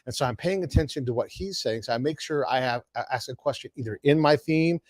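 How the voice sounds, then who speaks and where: A man hosting a podcast, talking energetically with quick asides and restarts in a casual conversation. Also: mid-range voice, no echo, clean studio sound. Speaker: podcast host.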